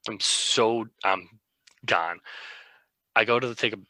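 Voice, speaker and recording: Low, bright-voiced young man telling a story. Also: takes it slowly, dry recording. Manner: rambling, laughing, self-mocking. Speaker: podcast co-host. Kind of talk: casual storytelling.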